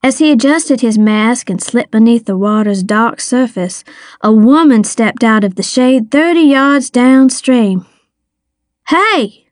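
A woman narrating a first-person children's mystery story in a measured, expressive reading on a close studio mic. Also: fairly high pitch, dry recording. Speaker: audiobook narrator.

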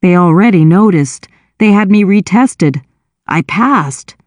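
A woman's voice: lowish voice, animated, darkish tone, no room sound, studio quality. A woman voicing a guilty, defensive younger teenage brother who whines and hurries to justify himself. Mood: sheepish. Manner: whining, sheepish and quick to justify himself.

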